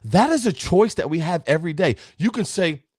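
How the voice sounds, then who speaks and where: A man's voice: on the high side, very animated, fairly quick, darkish tone, breathy edge, no echo, studio quality. A man, giving an emphatic, preachy motivational talk as a podcast host and speaking straight to his listeners. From Brooklyn, New York. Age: 50s.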